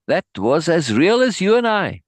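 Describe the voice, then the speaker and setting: A man reading the part of an excitable young male apprentice, pleading and questioning. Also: on the high side, normal speed, no echo, pitched above the performer's own voice. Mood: anxious pleading.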